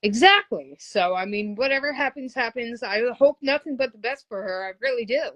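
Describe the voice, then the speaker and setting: A woman's voice: fairly high pitch, animated, moderate pace, fairly bright tone, lo-fi sound. A woman hosting a casual interview, talking like an eager fan who often exclaims. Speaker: interviewer, host.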